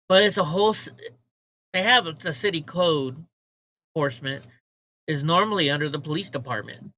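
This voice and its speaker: A man's voice: fairly high pitch, normal speed, long pauses, bright, forceful tone, slight background noise, low-quality recording. A man hosting a casual livestream, ranting with profanity and mocking remarks while he talks to his chat. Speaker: livestream host.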